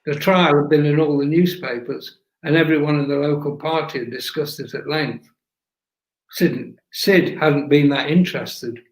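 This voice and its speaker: Slow, deliberate male storyteller. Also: fairly high pitch. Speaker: narrator. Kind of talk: audiobook reading. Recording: echoey room.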